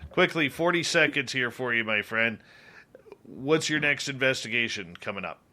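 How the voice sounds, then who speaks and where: A man hosts a late-night talk radio show in a casual, chatty way. His voice is bright and forceful at a middle pitch, and he greets listeners from the chat by name. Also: lively intonation, normal speed. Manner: chatty, reads out chat names.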